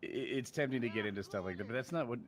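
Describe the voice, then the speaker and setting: A man chatting casually on a stream, telling stories with a wry, lively manner and soft asides. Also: medium pitch, fast. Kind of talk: casual chat.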